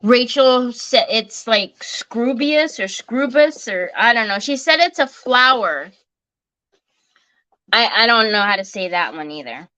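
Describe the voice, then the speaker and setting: A woman's voice: fairly high pitch, expressive, a little slow, sharp tone, low-quality recording. A woman hosting a crafting livestream, chatting casually and joking at her own expense while she works. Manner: chatty and self-mocking, often laughing.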